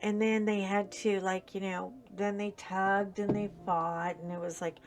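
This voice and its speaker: A woman's voice: mid-range voice, measured pace, hardly any pauses. Woman, casual crafting chat, rambling, lots of fillers, faint background music. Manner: rambling, animated, with many fillers and restarts. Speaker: crafting channel host.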